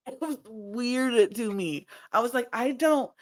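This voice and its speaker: Animated woman recapping reality TV. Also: on the high side, unhurried. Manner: animated, incredulous rhetorical questions. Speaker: podcast co-host. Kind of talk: casual reality-TV recap chat.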